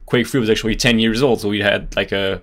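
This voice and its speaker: A man hosting an interview, asking long questions with pauses and restarts. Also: on the low side, steady tone, a bit bright. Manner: hesitant, many fillers and restarts. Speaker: interviewer, host.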